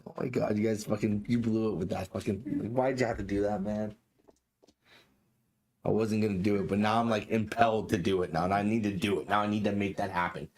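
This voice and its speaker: A man narrating as dungeon master for a tabletop game, in an unhurried, casual way with profane asides. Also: on the low side, fairly even intonation, a little mellow, a little hiss or hum.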